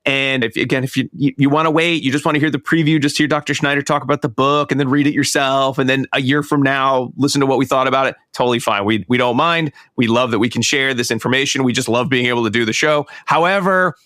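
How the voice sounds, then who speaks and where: A man's voice: mid-range voice, steady tone, quick pace, hardly any pauses, sharp tone, dry recording, clean studio sound. A man co-hosting a podcast in casual, rambling chat, full of fillers and restarts. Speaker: podcast co-host.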